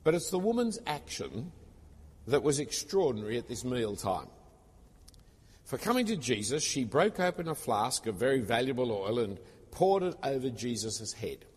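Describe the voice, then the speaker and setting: A man's voice: mid-range voice, very animated, moderate pace, husky. A man preaching a sermon, explaining scripture in an expository way with casual personal asides. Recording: long reverb of a large hall.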